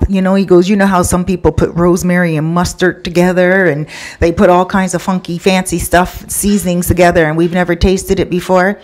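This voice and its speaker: A woman casually telling a true story, acting out everyone's lines with sudden jumps in pitch and chatty asides to the listener. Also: level tone, a little fast, darkish tone. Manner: retells with quoted dialogue, voicing each person with pitch jumps.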